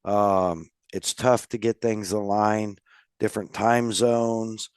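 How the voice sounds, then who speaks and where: A man hosting a casual podcast chat, with a slightly nasal voice and a relaxed, rambling way of talking full of fillers. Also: lowish voice, takes it slowly, smooth, no room sound, studio quality. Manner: laid-back, rambling with many fillers. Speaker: podcast host.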